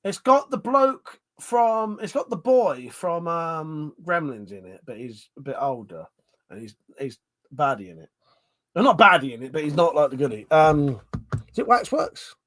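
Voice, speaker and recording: A man chats on his own livestream, his fairly high voice swinging up and down with a lot of life. He rambles through stories, trips over his words and swears freely as he reads out viewer comments. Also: expressive, normal speed, fairly bright tone. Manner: rambling and sweary, with many fillers and restarts. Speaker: livestream host. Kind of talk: casual live-stream chat, reading viewer comments aloud.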